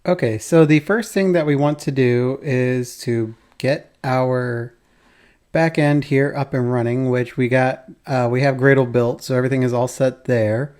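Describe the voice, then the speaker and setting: A man's voice: mid-range voice, fairly even intonation, a little slow, a little mellow. A man hosting a code-along programming tutorial, thinking aloud as he types, with keyboard typing behind him.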